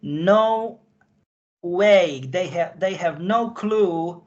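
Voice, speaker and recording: A man speaking in casual conversation, halting and searching for his words. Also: high-pitched. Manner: halting, searching for words in non-native English. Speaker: podcast guest insider. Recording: dull lo-fi audio.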